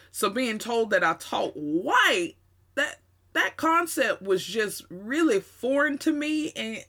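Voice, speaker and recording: Bright-voiced Southern woman telling a story. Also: mid-range voice. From Southern United States. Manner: conversational, with emphatic asides and restarts. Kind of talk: personal storytelling monologue.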